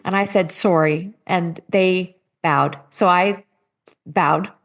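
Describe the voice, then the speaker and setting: A woman's voice: on the low side, slow, fairly bright tone. Woman host with short friendly replies. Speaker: podcast host. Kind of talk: casual interview chat.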